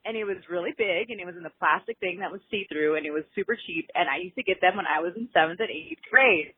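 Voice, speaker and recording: A woman in her thirties leaving a chatty, animated voicemail for a podcast, telling a story as a caller. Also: lowish voice, quick pace, a little hiss or hum. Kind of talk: voicemail message. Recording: husky voice over a tinny phone line.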